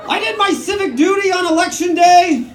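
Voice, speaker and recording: High-voiced comic in his forties. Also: normal speed, a faint crowd. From Canada. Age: 40s. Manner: self-mocking, rambling, deadpan asides. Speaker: stand-up comedian. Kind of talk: stand-up comedy set. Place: comedy club stage. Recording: echoey comedy club.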